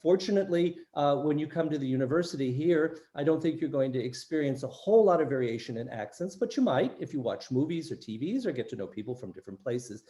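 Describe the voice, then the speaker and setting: Man, older, East Coast accent, mellow tone, workshop presenter, video call. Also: a little high, animated, quick pace, few pauses. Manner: explanatory, checks in with "right?". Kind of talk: teaching international students.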